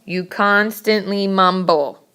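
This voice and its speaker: A woman teacher giving a brisk, emphatic classroom lecture on public speaking, scolding her students now and then. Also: medium pitch, bright, forceful tone, slight background noise.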